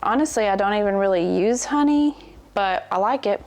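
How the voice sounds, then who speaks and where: A woman's voice: medium pitch, lively intonation, normal speed, a little mellow, lo-fi sound. Chatty Southern woman vlogger. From American South. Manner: chatty, candid, jokey asides. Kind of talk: casual chat while decluttering.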